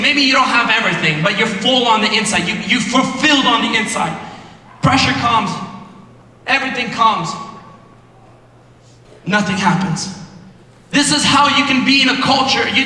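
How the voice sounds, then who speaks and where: High, bright young man preaching in an echoey hall. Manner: impassioned, rising to shouts at key points. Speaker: youth pastor. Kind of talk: preaching to high school students. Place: large echoey school hall. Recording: echoey hall recorded from far off.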